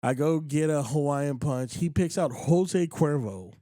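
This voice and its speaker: A man hosting a podcast, telling a story in casual chat, animated and acting out other people's lines, with frequent swearing. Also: fairly high pitch, measured pace, no room sound, clean studio sound. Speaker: podcast host.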